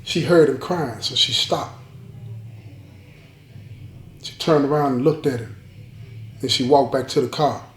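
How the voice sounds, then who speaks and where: Pausing often at a measured pace, a man with a medium-pitched voice hosts a dramatic story for his viewers. He addresses them directly and stresses key lines through repetition, over roomy echo and a little hiss or hum.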